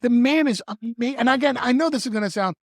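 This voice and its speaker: A man talking as a guest in a podcast conversation, animated and repeating words as he restarts his thoughts. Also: very high-pitched, fast, no echo, clean studio sound. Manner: animated, stumbling restarts, stretches words for emphasis. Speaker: wrestling manager guest.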